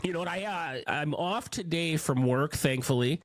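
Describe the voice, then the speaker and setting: A man's voice: on the high side, normal speed, no room sound. A man hosting a podcast in casual chat, sounding nasal and congested from a cold, rambling with many restarts. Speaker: podcast host.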